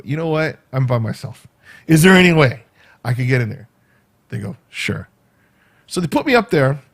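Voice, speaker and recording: A man vlogging casually, retelling a day out in a rambling, animated way with quoted asides. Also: medium pitch. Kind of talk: casual storytelling vlog.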